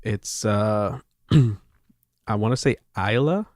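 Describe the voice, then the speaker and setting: A man co-hosting a podcast in loose, easygoing banter. His voice is low with a strong gravelly fry, and it is recorded dry and close. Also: a little slow, no room sound. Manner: laughs easily, relaxed banter. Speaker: podcast co-host. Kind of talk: casual chat.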